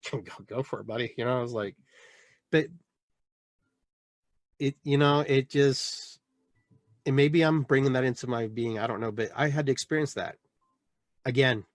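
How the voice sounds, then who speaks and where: A man's voice: mid-range voice, fairly even intonation, normal speed, pauses often, dry recording. A middle-aged man from Peru hosting a podcast, talking in a rambling, emphatic way with many restarts. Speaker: podcast host. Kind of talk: casual monologue, town hall chat.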